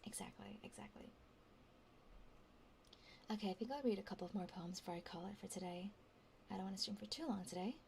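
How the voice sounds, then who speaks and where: A woman streamer speaking in a soft whisper, reading verse and joking casually between lines, in a whispered role-play. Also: medium pitch, fairly quick, vocal fry, long pauses, a little hiss or hum.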